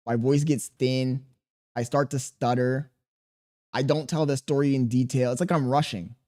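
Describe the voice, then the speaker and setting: A young man talking on his livestream at a deliberately slow, laid-back pace. His pitch sits in an ordinary middle range, and he swears freely and answers his chat as he goes. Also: steady tone, warm tone. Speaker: streamer. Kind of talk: casual stream chat.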